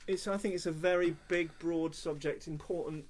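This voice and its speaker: A man's voice: fairly high pitch, fairly even intonation, normal speed. A man from England co-hosting a casual music podcast, chatty, laughing often and trailing off into restarts. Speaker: podcast co-host. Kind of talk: casual chat.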